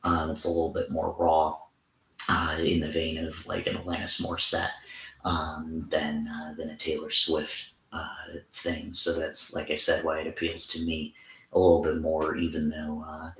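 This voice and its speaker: Deep-voiced man, hesitant livestream chat. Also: completely flat delivery, moderate pace, sharp tone. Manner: hesitant, many fillers and restarts. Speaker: teacher and livestream host performing song covers. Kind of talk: casual livestream chat between songs. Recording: roomy echo with faint music.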